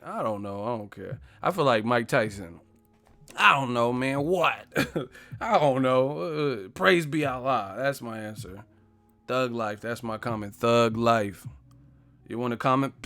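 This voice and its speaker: A man's voice: medium pitch, a bit bright, smooth. Profane joking man on a live stream. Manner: profane, joking, mocks stiff interviewers in put-on voices. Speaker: boxing channel host. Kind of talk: casual live-stream rant.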